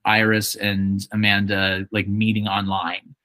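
Low-voiced man riffing on a podcast. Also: a little slow, no echo. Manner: joking, animated, acts out quotes. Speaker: podcast host. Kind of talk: casual chat.

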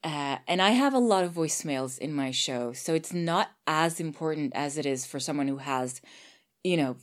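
A woman audio drama producer and voice actor in casual conversation. Her voice sits a little low, and she thinks aloud with fillers and restarts. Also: normal speed. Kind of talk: casual chat.

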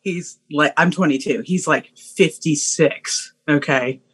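A woman guest on a podcast, telling a personal story in an animated way, acting out voices and laughing often. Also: deep voice, slow, husky.

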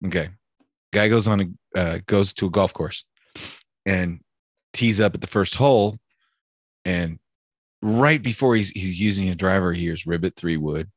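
A man's voice: sits low, unhurried, long pauses, no echo, studio quality. A man hosting a show, telling a long joke in a loose, rambling way. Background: guitar music.

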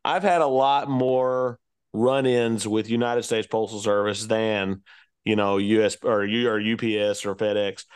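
A man's voice: lowish voice, fairly even intonation, unhurried, smooth. A man chatting casually as a podcast co-host, easygoing and hedging his points, often laughing. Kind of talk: casual chat.

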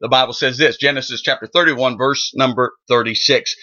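A man teaching through the Bible verse by verse with an animated, folksy retelling. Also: medium pitch, a little fast, hardly any pauses. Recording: dull lo-fi sound.

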